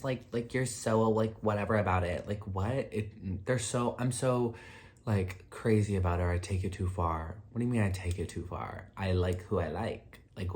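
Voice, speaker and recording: A young man with a slightly low voice chats through a casual storytime vlog. He rambles and leans on filler words. His pitch jumps up sharply when he gets excited. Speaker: vlogger.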